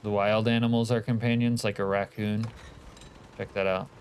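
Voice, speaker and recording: A Canadian man streams a multiplayer survival game, casually chatting with teammates and viewers, joking and swearing freely. His lowish voice is flat and a little mellow at a normal speed, with slight background noise.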